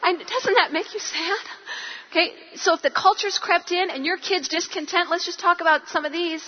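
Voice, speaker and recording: Brief: middle-aged woman speaker, high voice, chatty and animated, live hall talk. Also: normal speed, dull audio. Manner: animated, chatty, acts out quotes. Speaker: speaker at a women's parenting event.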